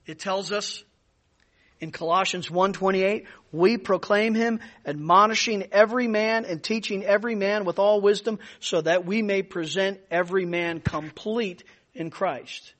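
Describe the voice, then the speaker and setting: A man's voice: sits high, lively intonation, measured pace, fairly bright tone. A man preaching a Bible-study sermon, emphatic, with repeated phrases that build in force. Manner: emphatic, repeats key words, rises for stress. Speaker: pastor. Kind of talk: expository sermon.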